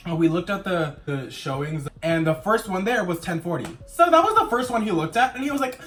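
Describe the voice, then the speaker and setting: A young man telling a storytime vlog in a sassy, campy, dramatic way, shouting for emphasis. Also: high-pitched, animated, fairly quick, music in the background. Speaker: vlogger.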